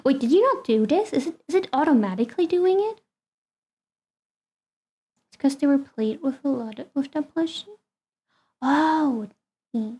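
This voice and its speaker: A woman with a high voice chats casually with her stream viewers. She is talkative and relaxed, and she turns to talk fondly to her cat. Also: a little slow, pauses often.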